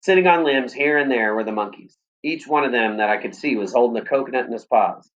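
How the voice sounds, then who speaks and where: A man reading a story aloud in steady, plain audiobook narration. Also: medium pitch, fast, dull audio.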